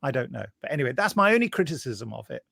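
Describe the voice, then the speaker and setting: A man's voice: medium pitch, fast talker, gravelly, no room sound, studio quality. A British man co-hosting a podcast, talking casually and with animation. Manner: chatty, animated, laughs while talking. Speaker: podcast co-host. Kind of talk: casual chat.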